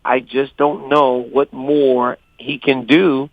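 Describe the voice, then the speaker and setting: A man calling in as a guest fighter, telling stories animatedly and quoting others in lively voices. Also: mid-range voice, slow pace, no room sound. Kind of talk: casual phone interview. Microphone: phone call. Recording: dull lo-fi phone line.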